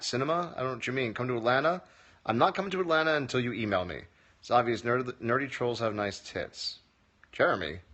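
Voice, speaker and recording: In a casual phone-livestream Q&A, a comedy teacher reads viewers' comments aloud and answers with dry jokes and a wry manner. His voice is mid-range and a bit bright.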